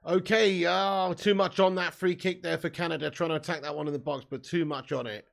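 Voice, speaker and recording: A man hosts a live football watch-along from a room at home. He chats casually and reads out viewer comments between bits of match commentary. His voice is fairly high, with a gravelly rasp. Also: steady tone, brisk. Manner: chatty, reads out chat comments.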